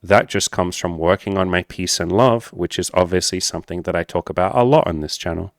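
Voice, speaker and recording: A man's voice: low-pitched, a little fast, gravelly, no echo, studio quality. A man talking casually to camera as a dating coach, candid and blunt, swearing freely and calling his viewers "guys".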